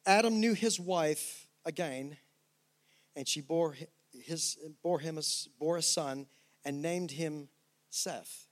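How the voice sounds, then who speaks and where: A middle-aged man, a pastor, preaching a sermon and telling a personal story with lively, animated restarts. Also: a little high.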